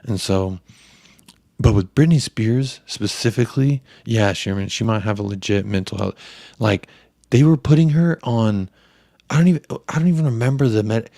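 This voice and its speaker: A man's voice: lowish voice, normal speed, creaky, mellow, no echo, studio quality. A young man hosting a podcast, telling stories in crude, profanity-heavy casual chat. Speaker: podcast host.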